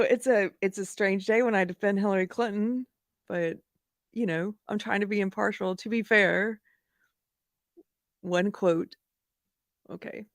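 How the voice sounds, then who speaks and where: A woman's voice: medium pitch, no echo, studio quality. A woman hosting a live stream who chats casually, laughs often and reads chat comments aloud. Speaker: livestream host.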